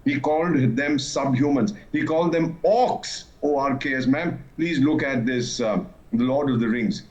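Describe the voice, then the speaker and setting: An older man, a former ambassador, giving animated and mocking commentary as a guest on a news panel over a remote link. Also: medium pitch, moderate pace, lo-fi sound. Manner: animated, scornful, mocking impressions.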